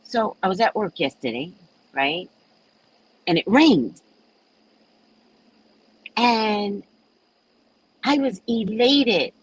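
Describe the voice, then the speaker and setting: Lively, husky-voiced woman chatting. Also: medium pitch, extremely slow, long pauses, no echo, poor audio. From California. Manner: chatty, animated storytelling. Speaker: host. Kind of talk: casual chat.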